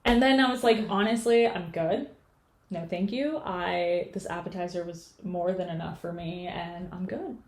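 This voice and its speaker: A woman's voice: lowish voice, normal speed. Woman in her late twenties, storytelling. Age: late 20s. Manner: animated storytelling, acting out both sides of a conversation. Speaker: podcast co-host. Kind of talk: casual chat. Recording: echoey room.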